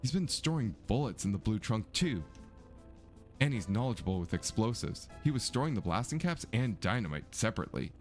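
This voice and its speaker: A man's voice: fairly low pitch, very animated, fairly quick, darkish tone, faint music behind. A man reading as an earnest young woman detective.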